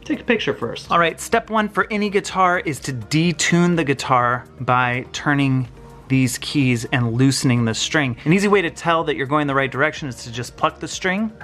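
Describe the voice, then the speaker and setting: In his home workshop, a guitar builder hosting his own channel casually walks viewers through a hands-on guitar tutorial. He stays relaxed and explains each step with a few restarts, speaking at a moderate pace in a voice on the high side.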